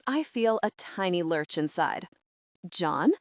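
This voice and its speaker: Woman, audiobook narrator, animated pitch, expressive, dry close recording. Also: moderate pace, no room sound. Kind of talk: first-person audiobook narration.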